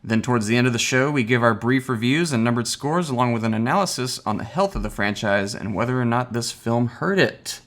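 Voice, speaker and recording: A man's voice: mid-range voice, a little fast, few pauses, fairly bright tone. A man hosting a movie review podcast, reading a scripted intro and cast list and laughing easily with his co-hosts. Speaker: podcast host.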